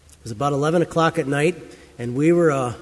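Guy preaching a sermon, kinda high voice, earnest, lots of echo like a big church. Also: fast talker. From United States. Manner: earnest storytelling preacher, emphatic questions. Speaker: pastor. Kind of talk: sermon with scripture reading.

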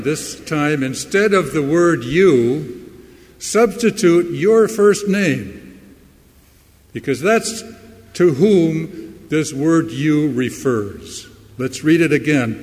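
A man preaching a sermon, slow and emphatic, leaning hard into key words. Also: medium pitch, darkish tone, long reverb tail. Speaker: pastor.

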